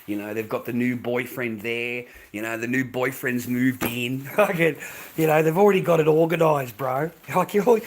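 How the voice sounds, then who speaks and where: On a low-quality recording, an Australian man with a medium-pitched voice hosts a livestream. He rants bluntly at his viewers, lecturing them in profane, slangy language.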